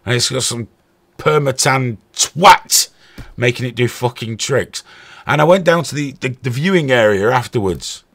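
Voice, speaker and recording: A man hosting a podcast, telling stories in a profane, animated way. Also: mid-range voice, normal speed. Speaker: podcast host. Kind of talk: casual chat.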